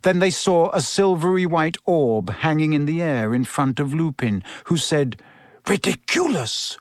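A man narrating a story with expressive, animated delivery that rises and falls a great deal. His voice sits a little high for a man. The recording is close and dry. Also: normal speed, dry recording. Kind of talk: scripted narration.

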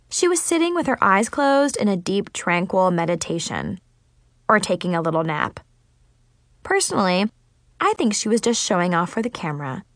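A woman's voice: mid-range voice, no room sound, studio quality. A woman narrating a children's story in a chatty, gossipy first-person manner. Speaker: audiobook narrator.

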